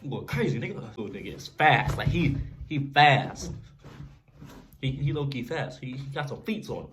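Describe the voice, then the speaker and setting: A young man casually telling a story to camera in a slangy, animated way, often checking in with the listener. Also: medium pitch, moderate pace, a little hiss or hum. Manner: animated, slangy storytelling with frequent "you feel me". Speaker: vlogger.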